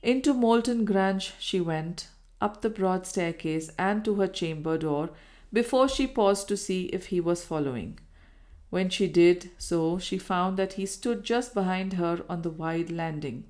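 A woman narrating a Victorian novel as an audiobook, in a measured storytelling manner. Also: fairly low pitch, darkish tone. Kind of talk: scripted narration.

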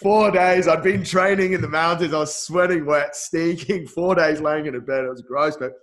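A man's voice: a little high, steady tone, normal speed, a bit bright. A man, an endurance coach, telling a personal story as an interview guest, speaking earnestly and candidly, often saying "mate" and restarting his sentences.

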